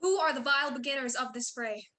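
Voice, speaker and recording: A woman's voice: high voice, quick pace, sharp tone. A woman playing a stern, commanding prince in a video-call staged reading.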